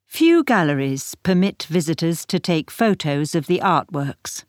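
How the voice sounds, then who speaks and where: A woman reading textbook example sentences for a pronunciation lesson, with slow, careful enunciation. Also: sits low, expressive, no echo, studio quality. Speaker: textbook audio reader.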